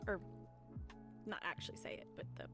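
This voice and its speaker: A woman's voice: brisk, music in the background. A woman streamer chatting casually and rambling while she plays, often giggling. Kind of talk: casual chat while gaming.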